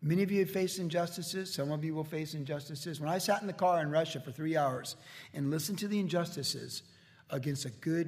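A man preaching in a church with a slightly raised pitch and a gravelly edge to his voice. His earnest sermon rings out with a long hall reverb behind it. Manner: earnest preaching, slips into acted quotes of biblical figures. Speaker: pastor.

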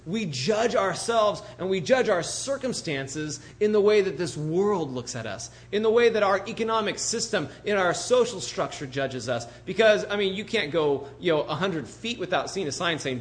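A man delivering a sermon in a slightly raised voice, lively and conversational. He preaches with rhetorical questions to his congregation and slips into the voices of the people he quotes. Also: high-pitched, normal speed, hardly any pauses. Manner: animated, rhetorical questions, acts out voices of others. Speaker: pastor planting a church.

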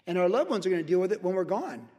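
An older man preaching a verse-by-verse sermon to his congregation. He talks in a lively, conversational way and slips into mocking voices for his asides. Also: high-pitched, rapid-fire. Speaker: pastor. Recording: echoey hall reverb.

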